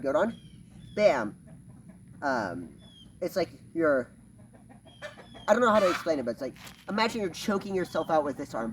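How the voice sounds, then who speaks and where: A man with a fairly high, lively voice walks through a karate form, stopping and starting and calling out "bam" on each strike as he moves. He is recorded on a camera set some distance away in a backyard, with clear outdoor noise and chickens clucking behind him. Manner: halting, many fillers, punctuates moves with "bam"; talks while performing moves. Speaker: karate instructor. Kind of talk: casual demonstration lesson.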